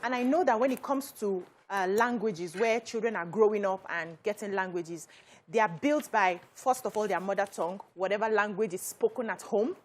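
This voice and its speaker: A woman's voice: mid-range voice, normal speed. A Nigerian woman talking as a TV panelist, explaining her point earnestly. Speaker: talk show panelist. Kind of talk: studio panel discussion.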